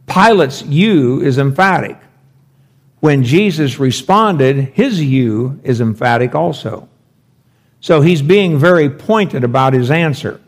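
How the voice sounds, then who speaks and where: A man giving a verse-by-verse Bible teaching at an unhurried, deliberate pace. His pitch sits in an ordinary middle range, and he talks it through conversationally, posing questions to his listeners. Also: lively intonation. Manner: slow, conversational, thinks aloud with rhetorical questions. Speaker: pastor teaching scripture.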